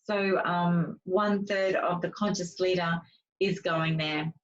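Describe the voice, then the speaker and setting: A woman's voice: on the low side, fairly even intonation, takes it slowly. A woman speaker and author telling stories in a casual, chatty way, with many fillers and restarts. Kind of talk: casual interview storytelling. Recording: distant, dull lo-fi sound.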